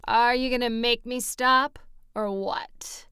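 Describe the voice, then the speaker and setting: A woman's voice: medium pitch, takes it slowly, a bit bright, clean tone, no room sound, clean studio sound. A woman voicing a cocky, macho man who barks orders and taunts his brother as his gym trainer, in an audiobook. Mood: taunting. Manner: barking, taunting commands.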